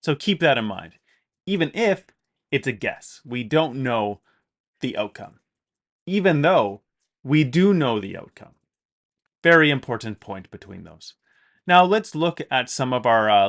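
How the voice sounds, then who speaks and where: A man giving an English grammar lesson at a mid-range pitch. He explains each point clearly and stresses key words. He repeats example sentences to drive each point home. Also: a bit bright. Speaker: English teacher.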